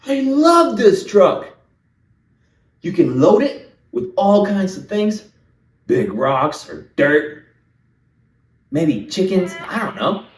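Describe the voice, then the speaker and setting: A man hosting a playful kids' lesson, his pitch leaping all over in a singsong, animated way. He speaks slowly and deliberately for little listeners. The voice sits back from the mic in an echoey room. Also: distant mic. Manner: animated, singsong, talks straight to young kids. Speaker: children's language teacher.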